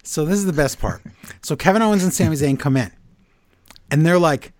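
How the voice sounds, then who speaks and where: A man's voice: fairly high pitch, fairly quick, long pauses, no echo. A man co-hosting a podcast, recapping wrestling shows in a casual, exasperated and mocking way. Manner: animated, exasperated, mocking the quotes.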